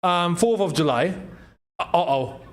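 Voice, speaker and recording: A young man hosting a live football watchalong, reacting excitedly to play and reading viewer comments aloud with frequent laughs. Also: high voice, takes it slowly. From Algeria. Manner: excitable, laughs often, reads chat aloud.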